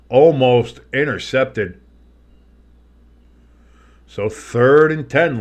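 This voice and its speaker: A man hosting a live sports stream, calling plays and rambling into joking asides. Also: medium pitch. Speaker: sports streamer and play-by-play host. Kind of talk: live play-by-play with casual chat.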